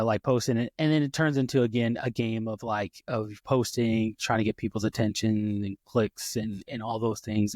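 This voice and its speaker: A man's voice: medium pitch, dry recording, studio quality. A man hosting a casual podcast, rambling and self-deprecating with lots of restarts and fillers. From United States. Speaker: podcast host.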